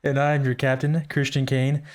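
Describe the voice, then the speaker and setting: A man's voice: mid-range voice, monotone, moderate pace. Easygoing male podcast co-host. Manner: easygoing, thinks aloud with restarts. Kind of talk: casual podcast chat.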